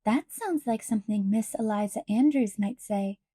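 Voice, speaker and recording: A woman reading an audiobook, voicing an earnest, dreamy young woman who speaks gently and solemnly. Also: mid-range voice, normal speed, slightly rough, dry recording, clean studio sound, natural voice. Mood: tender.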